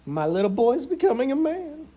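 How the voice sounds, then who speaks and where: A man's voice: big pitch swings, normal speed, lo-fi sound. A man mimicking a doting middle-aged mother on the phone, in a gushing, sugary tone. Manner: gushing, sugary, high-pitched.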